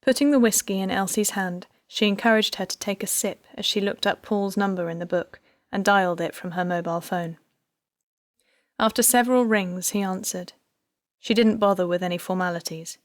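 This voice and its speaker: A woman reading an audiobook in scripted narration, measured and even. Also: mid-range voice, no echo, clean studio sound.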